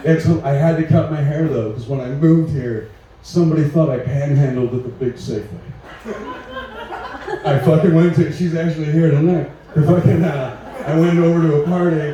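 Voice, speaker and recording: A man's voice: fairly high pitch, brisk, crowd noise. Profane man in his forties, echoey. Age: 40s. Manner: profane, rambling, laid-back storytelling. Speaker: stand-up comedian. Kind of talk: stand-up comedy set. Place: large echoey room at a live show. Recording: echoey room, voice from far off.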